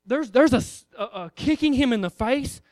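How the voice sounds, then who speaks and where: A man's voice: very high voice, lively intonation, normal speed, darkish tone, no echo, studio quality. A man preaching a sermon, emphatic and repetitive, acting out little voices as he goes.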